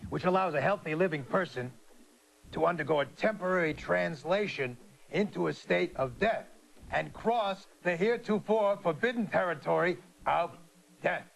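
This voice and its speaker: An actor playing a deadpan male doctor who calls himself an expert on death, talking in jargon and corny jokes in a satirical talk show comedy. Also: high-pitched, normal speed, gravelly. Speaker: guest expert.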